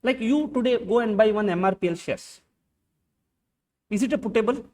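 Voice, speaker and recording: A high-pitched man with an Indian English accent gives a classroom lecture on accounting. He keeps asking his students rhetorical questions and acts out little back-and-forth dialogues. His voice sits a bit back from the mic. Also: moderate pace, darkish tone, distant mic. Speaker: accounting teacher.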